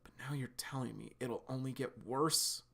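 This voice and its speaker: A man voicing a frantic, defiant young man who shouts in desperation. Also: medium pitch, normal speed, gravelly. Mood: grim.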